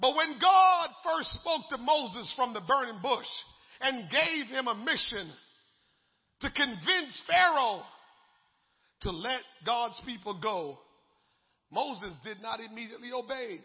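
High gravelly-voiced fervent preacher. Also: male voice, lively intonation, takes it slowly. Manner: fervent preaching, swings from shouting to hushed; frequent "uh" before each phrase. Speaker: pastor. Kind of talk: sermon. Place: church sanctuary. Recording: lo-fi echoey church hall.

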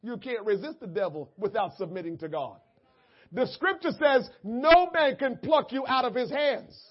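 A man preaching a sermon, moving from quiet, low asides to shouted, drawn-out scripture lines. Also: expressive, breathy edge, dull audio. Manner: drawn-out emphatic scripture reading. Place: church.

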